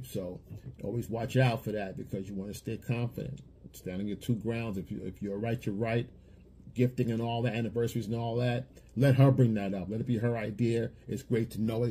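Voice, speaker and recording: A man's voice: mid-range voice, warm tone, a little hiss or hum. A man giving blunt dating advice in a lecturing monologue, often repeating himself. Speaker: dating coach.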